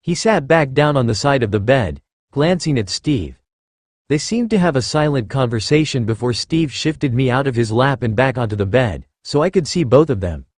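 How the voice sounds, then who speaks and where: A man narrating a first-person fan fiction story in an expressive reading style. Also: mid-range voice, moderate pace, dry recording, clean studio sound.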